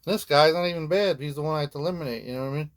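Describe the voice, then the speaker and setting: A man's voice: a little high, rapid-fire. An older man, narrating his guitar repair work in a joking, rambling way that keeps tagging lines with "man". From Philadelphia. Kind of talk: casual workshop narration.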